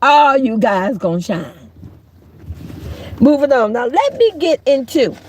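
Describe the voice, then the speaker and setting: A middle-aged woman giving an emphatic, preachy call-out rant as a YouTube commentator, often shouting. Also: high-pitched, sing-song, a little slow, slight background noise.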